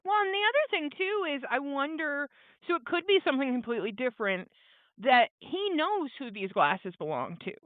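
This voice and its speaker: Higher-voiced woman on tinny line. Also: big pitch swings, normal speed, no room sound. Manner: agreeable, reflective, wondering aloud. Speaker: podcast co-host. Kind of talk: casual recap chat. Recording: thin phone-like line.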